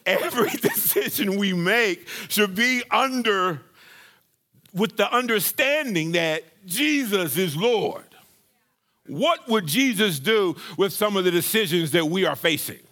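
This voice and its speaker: Animated bright-voiced male pastor preaching. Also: high voice, measured pace. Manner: animated preaching with playful acted-out asides. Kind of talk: sermon.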